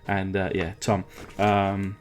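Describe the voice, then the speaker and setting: English bloke chatting about model cars at home, low voice, umms a lot, faint music under it. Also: male voice. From England. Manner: chatty, rambling, many ums and uhs. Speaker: diecast restoration channel host. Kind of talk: casual hobby vlog narration.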